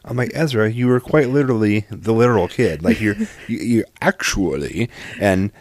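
Laid-back low-voiced man telling stories. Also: normal speed, a little mellow, dry recording, studio quality. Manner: rambling storyteller, laughs often, swears casually. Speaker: podcast co-host. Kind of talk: casual chat.

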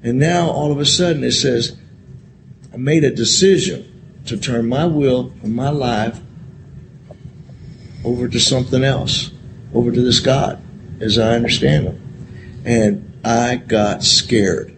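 A man's voice: mid-range voice, measured pace, creaky, long pauses, a little hiss or hum, low-quality recording. A man telling his recovery story to a convention audience, candid and profane, talking straight to the crowd and repeating phrases for emphasis. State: emotional at times. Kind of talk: personal recovery share to an audience.

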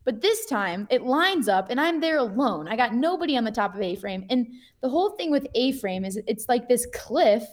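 Young woman skier gushing thru a story, higher voice, tons of likes and laughing. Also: moderate pace. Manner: animated, chatty, frequent fillers and laughs. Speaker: guest, pro skier. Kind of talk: casual storytelling in conversation.

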